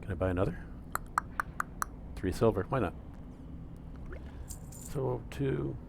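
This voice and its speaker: A man's voice: medium pitch, takes it slowly, creaky. A man casually commenting on a game he streams, joking and sarcastic, with a faint hiss behind him. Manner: joking, sarcastic, slips into voices. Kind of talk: casual gameplay commentary with read-aloud quests.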